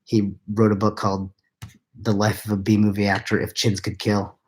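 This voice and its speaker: A tired man, likely in his thirties, answering live chat questions into a laptop at home at night, keeping his voice hushed and rambling with quiet self-mocking laughs. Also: fairly low pitch, monotone, moderate pace. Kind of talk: late-night live chat Q&A, half-whispered. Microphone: laptop mic.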